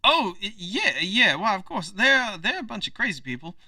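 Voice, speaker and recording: A man's voice: high-pitched, big pitch swings, moderate pace, distant mic, over a noisy crowd, voice pushed up. A man voicing a fidgety older male mayor who seems like a greasy car salesman, stammering and flustered, in a tabletop game. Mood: nervous.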